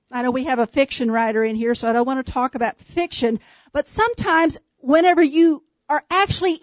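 A woman preaching a sermon to a small church, slowing to hushed emphasis on key lines and calling out listeners by name. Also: sits high, no room sound, dull audio. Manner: shifts from brisk asides to slow, hushed emphasis; addresses congregation members by name.

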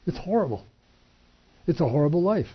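An older man telling a personal testimony, acting out the dialogue with animated shifts in voice and chuckling between lines. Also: fairly high pitch, fairly quick, slightly rough. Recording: dull lo-fi recording.

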